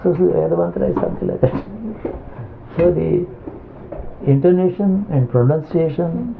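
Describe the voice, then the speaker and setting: A man giving a spiritual discourse as a teacher, halting and restarting as he searches for words. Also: on the high side, gravelly, faint music behind. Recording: tinny phone-like lo-fi recording with faint hiss.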